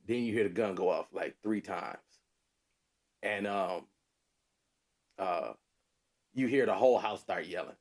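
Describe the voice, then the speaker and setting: A man's voice: low-pitched, measured pace, pauses often, darkish tone. A man co-hosting a podcast, telling a story in casual chat, rambling with lots of fillers and restarts. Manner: rambling, repeats himself, many fillers. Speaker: podcast co-host.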